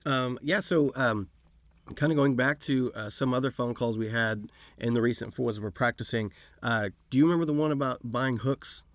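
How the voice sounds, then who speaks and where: A man's voice: medium pitch, moderate pace, dry recording. A man hosting a podcast, chatting casually, joking and explaining in loose phrases. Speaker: podcast host. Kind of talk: casual chat.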